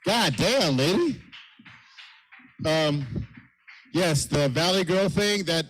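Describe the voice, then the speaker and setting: A man hosts a comedy night, running through announcements in an upbeat, hurried way. His voice sits a little high, and he often repeats his phrases as he goes. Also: lively intonation, fairly bright tone. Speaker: comedy show host. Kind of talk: live emcee announcements.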